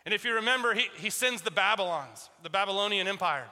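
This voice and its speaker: Male pastor, conversational sermon, bright and high-pitched, recorded in a reverberant church. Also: lively intonation, fast talker. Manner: conversational, repeats words at restarts, acts out voices of biblical figures. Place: church sanctuary.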